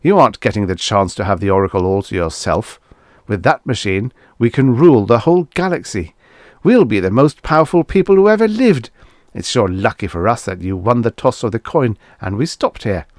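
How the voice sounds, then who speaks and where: A man's voice: on the low side, sing-song, a little fast, no echo, studio quality. A man voicing a greedy, stubborn spaceman who talks eagerly in a raised voice. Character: greedy, power-hungry male spaceman.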